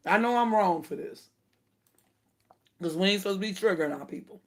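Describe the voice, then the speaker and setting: A woman giving casual spoken commentary to her viewers, indignant and animated, laughing between her points. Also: mid-range voice, a little fast. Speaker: video commentator.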